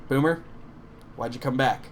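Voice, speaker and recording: A wry, chain-smoking hacker woman, as a male game master puts her on in a tabletop game, teasing and unbothered. The voice sits at an ordinary male pitch with faint background noise. It is plainly the game master's own voice. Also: moderate pace, lightly acted. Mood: dry.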